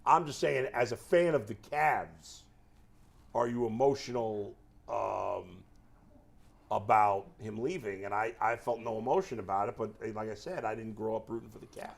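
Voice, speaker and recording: A man's voice: on the low side, normal speed, creaky. A man co-hosting a casual sports talk show, candid and joking in banter. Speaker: co-host.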